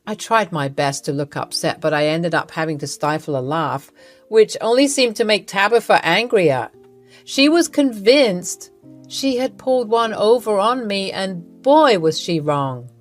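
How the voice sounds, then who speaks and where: Brief: female storyteller, wry and amused, slow deliberate pace, soft music bed underneath. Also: medium pitch, big pitch swings. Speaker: narrator. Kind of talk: scripted drama story narration.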